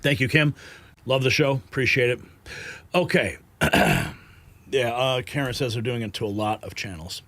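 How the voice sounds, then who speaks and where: A man's voice: medium pitch, sing-song, normal speed, pauses often, a bit bright. A man hosting a live political news stream, frustrated and agitated, sighing and swearing between headlines. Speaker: livestream news host.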